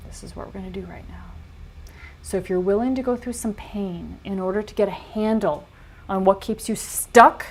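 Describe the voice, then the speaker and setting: A middle-aged woman leads a live online workshop with blunt, emphatic energy. She swears freely and reads attendees' typed answers back to them, her voice sitting at an ordinary middle pitch. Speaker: workshop coach.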